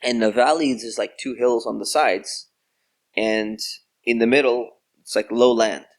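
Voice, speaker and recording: A man's voice: mid-range voice, unhurried. A man giving a storytelling religious lecture in a conversational, casual way. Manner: conversational, relaxed with casual fillers. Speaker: Islamic lecturer.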